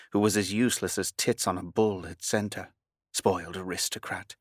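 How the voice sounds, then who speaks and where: Male audiobook narrator, measured storytelling delivery, in a low register, dry recording. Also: fairly bright tone, no room sound. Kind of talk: scripted narration.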